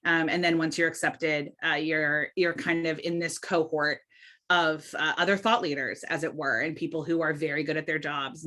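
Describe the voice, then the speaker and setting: A woman with a fairly low-pitched voice speaks as a podcast guest in relaxed interview conversation. She sounds emphatic and candid, often breaking off and restarting mid-thought. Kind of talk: casual interview chat.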